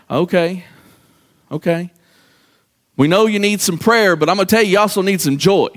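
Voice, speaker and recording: High-voiced man preaching a sermon. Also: normal speed, long pauses, a bit bright, long reverb tail. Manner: preachy, acts out quoted voices of congregants. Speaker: pastor.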